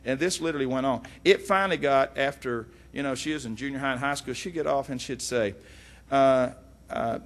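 A middle-aged man, teaching from the Bible in a folksy, animated way with frequent asides. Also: medium pitch, fast. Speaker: preacher.

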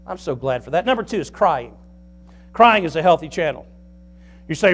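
A male pastor delivers an animated, folksy sermon. His voice sits high for a man and swings from quiet asides to loud, pressing emphasis. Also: a little fast.

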